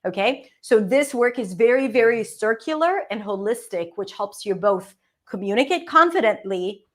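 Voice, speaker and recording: An Israeli-accented woman, a native Hebrew speaker, walks learners through English pronunciation and fluency. Her voice sits a little high, and she keeps checking in with "okay?" and "right?" as she explains. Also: animated, moderate pace. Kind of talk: teaching presentation.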